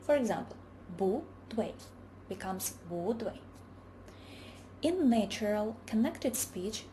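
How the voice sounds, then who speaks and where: A woman narrating a pronunciation lesson in a measured, deliberate way, often trailing off into a whisper. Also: fairly high pitch, mellow, slight background noise. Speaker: language teacher. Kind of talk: slow scripted lesson narration.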